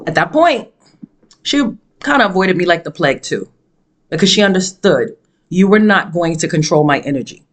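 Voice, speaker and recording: Woman doing a motivational storytime, big dramatic pitch jumps, kinda preachy and emphatic. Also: lively intonation, moderate pace. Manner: emphatic, preachy delivery with repetition. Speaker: motivational speaker. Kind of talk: storytelling monologue.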